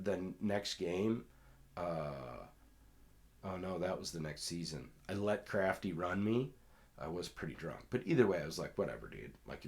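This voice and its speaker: A man hosting a podcast, telling rambling, profane stories in casual talk and loudly acting out what others said. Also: low voice. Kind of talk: casual storytelling.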